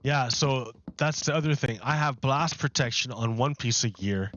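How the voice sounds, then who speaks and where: A man's voice: medium pitch, moderate pace, fairly bright tone, dull audio, slight background noise. A man chatting casually while livestreaming a game from his apartment, rambling and loose with his words. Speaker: game streamer. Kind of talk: casual live-stream chat. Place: home apartment.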